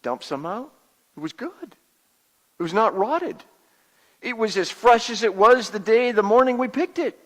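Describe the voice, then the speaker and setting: A plainspoken Israelite father, played by a male pastor, confiding his doubts in a high, light voice. His words ring out with a long reverb, as from a church hall. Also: animated. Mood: reflective. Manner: storytelling, confiding, halting repeats. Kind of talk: first-person dramatic monologue.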